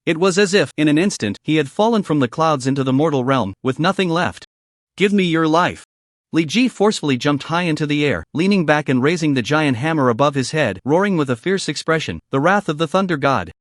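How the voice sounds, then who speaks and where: A man reading a scripted story recap in a steady narrating voice. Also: fairly high pitch, quick pace, hardly any pauses, no room sound, studio quality.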